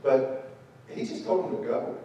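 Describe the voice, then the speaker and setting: A man preaching a midweek sermon as pastor, an animated storyteller who acts out the voices, far from the mic in a church sanctuary. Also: unhurried, very echoey, a little hiss or hum.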